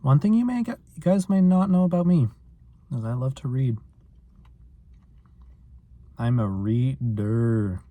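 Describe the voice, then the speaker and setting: A man's voice: high voice, sing-song, brisk, warm tone, no echo. A man vlogging in a rambling, self-deprecating casual chat, full of filler words.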